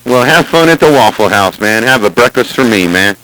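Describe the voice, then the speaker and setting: A man's voice: mid-range voice, animated, a little fast, sharp tone, no echo, poor audio. A man in casual chat over a CB radio, with folksy talk and repeated greetings. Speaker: CB radio operator. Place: Southern California, near the Salton Sea. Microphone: CB radio transmission.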